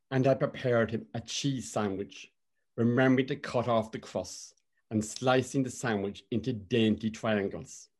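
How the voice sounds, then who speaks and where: Cork Irish man telling a wry story. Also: mid-range voice. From Cork, Ireland. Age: middle-aged. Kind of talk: live personal storytelling.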